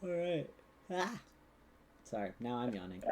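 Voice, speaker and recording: A man's voice: mid-range voice, measured pace, a little mellow, slight background noise. Rambling man running a tabletop game. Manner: rambling, lots of ums and restarts, laughs easily. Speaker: game master. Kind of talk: narrating a tabletop game on a live stream.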